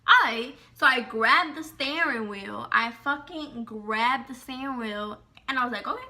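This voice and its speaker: Young woman vlogger, high bright voice, animated slangy storytelling. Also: measured pace. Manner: animated, slangy, heavy on "like" and swearing. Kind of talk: casual storytime.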